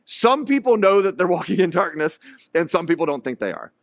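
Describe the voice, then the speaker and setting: Middle-aged male pastor, animated preacher who acts out quotes, higher-pitched voice. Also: a little fast, no room sound. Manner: animated storytelling with acted-out voices. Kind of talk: sermon.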